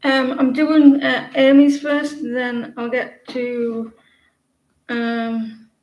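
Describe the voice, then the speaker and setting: A woman's voice: high voice, level tone, darkish tone. English woman reading tarot, echoey room. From England. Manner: halting, many fillers and restarts. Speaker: tarot reader. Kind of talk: live-stream tarot reading.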